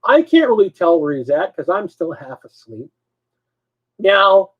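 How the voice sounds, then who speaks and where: A man co-hosting a live show, telling a story in a casual, animated way. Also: on the high side, normal speed, husky, dull audio. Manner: animated, swings between mutters and loud bursts. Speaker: co-host.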